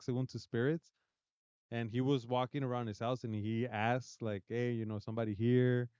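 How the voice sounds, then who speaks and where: A man's voice: mid-range voice, a little mellow, clear, resonant tone, no room sound, lo-fi sound. Rambling bilingual man telling a spooky story. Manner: rambling, swearing, mixing English and Spanish. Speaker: podcast co-host. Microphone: podcast mic.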